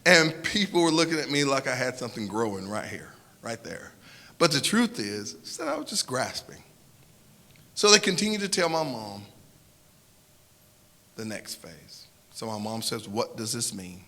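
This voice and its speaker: A man with a Southern US accent telling a personal story to an audience in an earnest way, often repeating and restarting phrases, moving between hushed and loud. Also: medium pitch, big pitch swings, moderate pace, in a large hall. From Southern United States.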